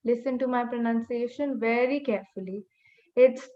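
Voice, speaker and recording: A woman teaching an online Mandarin lesson, slowly drilling pronunciation with repeated model words. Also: sits high, lively intonation. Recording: slightly dull webinar audio.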